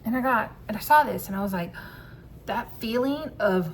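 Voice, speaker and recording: A woman telling a personal story to camera in a casual vlog, candid and quick to swear and laugh. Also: fairly high pitch, animated, slight background noise. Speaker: vlogger.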